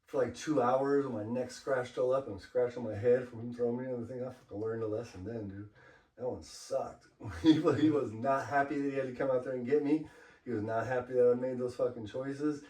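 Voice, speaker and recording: A man's voice: medium pitch, fairly even intonation, fairly quick, dark tone. A man from Los Angeles, a graffiti artist guest, telling stories in a laid-back, profane way full of "you know.". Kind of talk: casual storytelling interview. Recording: roomy, mic far off.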